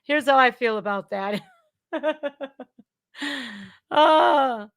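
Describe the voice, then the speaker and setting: She hosts a casual reaction livestream, speaking straight to her viewers in a chatty, exclamatory way with laughing asides. Her mid-range voice is unhurried and fairly bright, captured clean and dry in a studio.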